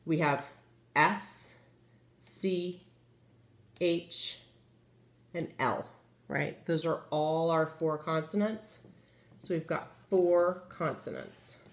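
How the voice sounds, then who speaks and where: A woman's voice: low voice, animated, drawn-out words, pauses often. A woman teaching a children's phonics lesson, patient and encouraging, asking the class questions as she writes on the board. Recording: echoey room.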